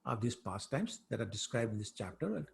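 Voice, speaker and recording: A man teaching a scripture class, telling the story in an animated, conversational way with frequent fillers. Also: mid-range voice, brisk, gravelly.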